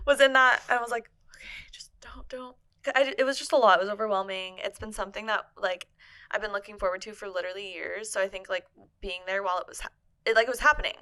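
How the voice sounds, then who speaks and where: A woman's voice: mid-range voice, rapid-fire, bright, forceful tone, clean tone. A young woman co-hosting a podcast, chatting casually and gushing in a rambling way, full of "like.". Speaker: podcast co-host. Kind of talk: casual chat.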